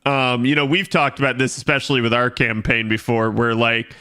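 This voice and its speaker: Casual streamer guy with a bright, forceful voice who rambles loosely and thinks out loud. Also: mid-range voice, level tone, fairly quick, smooth. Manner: rambling, thinks aloud with many fillers. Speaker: game streamer chatting with viewers. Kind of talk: casual live-stream chat.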